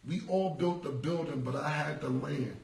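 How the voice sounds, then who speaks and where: A man's voice: a little high, moderate pace, vocal fry, a little mellow, echoey room, distant mic, low-quality recording. A man in his forties in a casual livestream monologue, rambling and repeating himself in street slang. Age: 40s. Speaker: rapper. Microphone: phone.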